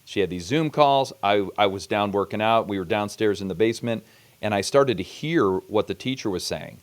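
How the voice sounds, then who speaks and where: A man hosting an interview, talking in a measured, serious way. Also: lowish voice, lively intonation. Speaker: host. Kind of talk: earnest interview conversation.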